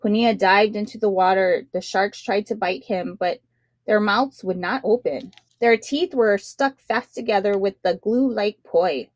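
A woman reading a children's picture book aloud as narrator, with expressive, dramatic emphasis. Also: medium pitch, unhurried, no room sound.

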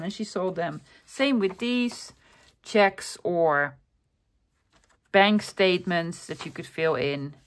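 A woman's voice: medium pitch, fairly bright tone. A woman chatting through a show-and-tell of her vintage finds. She sounds enthusiastic and rambles a little, full of ums, restarts and little exclamations, with a mid-range voice. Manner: enthusiastic, rambling, with many fillers and self-corrections. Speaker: vlogger showing a thrift haul.

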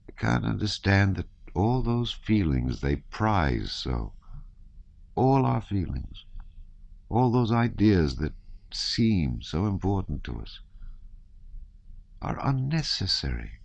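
A man's voice: deep voice, big pitch swings, slow pace, vocal fry, pauses often, no echo, full character voice. Prince Andrew, a man reading a cold dying nobleman. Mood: cold, detached. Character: dying aloof nobleman, calm and detached. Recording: slightly dull recording.

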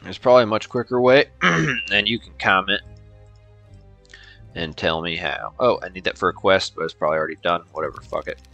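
Bright, swearing gamer guy, tipsy. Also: low-pitched, fairly quick, gravelly, dry recording, highs cut off, soft background music. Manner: profane, excitable outbursts. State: a little tipsy. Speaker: let's-play host. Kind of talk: casual gameplay commentary.

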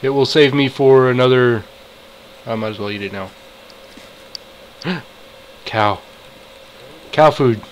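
A man giving casual commentary while playing a game, talking to himself, swinging between frustrated outbursts and excited shouts. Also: mid-range voice, slow, pauses often, a little hiss or hum, low-quality recording. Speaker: gamer.

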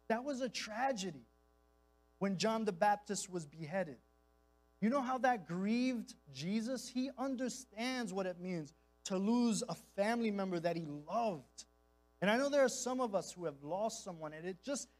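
A man's voice: high voice, rough recording. A man preaching as a guest speaker in a church, mixing impassioned, conversational delivery with casual slang and repeated phrases. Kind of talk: sermon.

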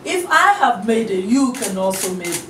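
A woman's voice: medium pitch, sing-song, normal speed, fairly bright tone. A middle-aged woman minister, a guest on an interview show, speaking in an earnest, encouraging way and acting out the voices she quotes. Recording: roomy studio audio from a distant mic, faint hiss.

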